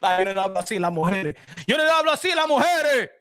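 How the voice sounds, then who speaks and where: A man's voice: extremely high pitch, big pitch swings, fairly quick, a bit bright. A man hosting a boxing livestream, talking casually and animatedly, switching between English and Spanish and repeating himself.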